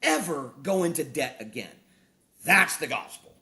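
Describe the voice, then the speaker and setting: A male pastor and author appears as a talk-show guest, his voice a little high and creaky at a normal speed. He preaches conversationally, acting out the dialogue in his illustrations vividly and rising emphatically on key points, an animated storyteller.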